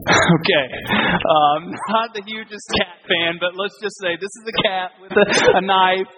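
A man preaching a sermon in a relaxed, conversational way, joking and laughing at himself. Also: high voice, a little slow, lo-fi sound, a loud crowd. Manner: conversational, self-deprecating, laughs at own jokes. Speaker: pastor.

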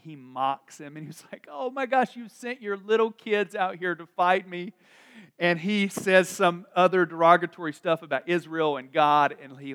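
A man preaching in a casual, chatty way, retelling a Bible story and acting out the characters' lines in quick asides. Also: a little high, a bit bright, clean tone.

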